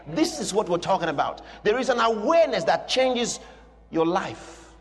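A man's voice: high voice, very animated, normal speed, long reverb tail. A man preaching a sermon, emphatic and repeating his declarations for effect.

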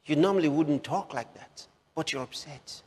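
A man's voice: a little high, a little mellow, husky. Emphatic male preacher in a reverberant hall. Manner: slow, emphatic repetition of phrases. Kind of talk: sermon.

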